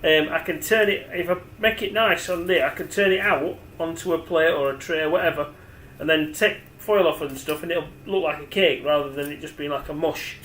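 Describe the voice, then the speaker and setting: A man's voice: a little high, fairly quick, few pauses, fairly bright tone, reverberant, slight background noise, rough recording. A man, rambling chattily as he demonstrates cooking at home and talks to the camera. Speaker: home cook. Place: home kitchen.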